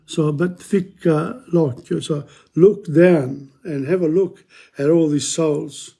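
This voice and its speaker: An older man, teaching in a loose, conversational way. His voice sits a little high for a man, and he stumbles and repeats words as he moves between recited verse and plain English explanation. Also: gravelly, dark tone, breathy edge. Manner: halting, repeats words, mixes Italian quotes with English explanation. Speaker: teacher reading and explaining Dante. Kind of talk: informal lecture with readings in Italian.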